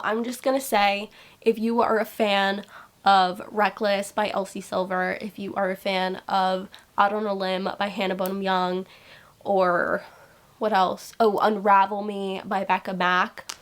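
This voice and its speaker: A young adult woman chatting casually in a book vlog, gushing and excitable and saying "like" a lot. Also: medium pitch, measured pace. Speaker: book vlogger. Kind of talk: casual reading vlog chat.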